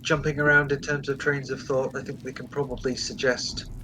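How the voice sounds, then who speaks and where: A man's voice: medium pitch, little pitch movement, a little fast, background noise. A man playing his character in a tabletop game, talking in a candid, thoughtful way. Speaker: player.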